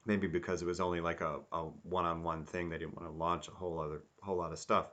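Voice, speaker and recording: A man giving a rambling, casual review, animated and acting out quotes in mock voices. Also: sits low, fast talker, dull audio. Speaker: YouTube reviewer.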